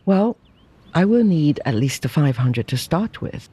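A reader voicing a keen young male lawyer who talks in a brisk, persuasive way, in a storybook reading. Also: mid-range voice, big pitch swings, dark tone, breathy edge. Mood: smooth-talking.

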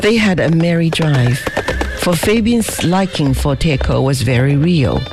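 Storybook narrator; slow, unhurried, expressive intonation. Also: medium pitch, music in the background. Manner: measured, unhurried reading. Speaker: audiobook narrator. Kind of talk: scripted narration.

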